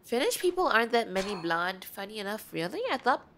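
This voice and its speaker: A woman's voice: mid-range voice, sing-song, brisk, fairly bright tone, slight background noise. A young woman streaming a game, chatting playfully and giggling while reading the game's dialogue aloud. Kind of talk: casual gameplay commentary.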